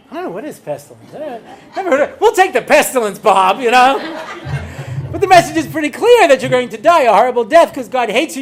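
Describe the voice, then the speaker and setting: Speaking fast in a high voice with big pitch swings, an American rabbi entertains an audience with funny stories and acted-out bits, including cantors and various voices. A little hiss or hum is audible.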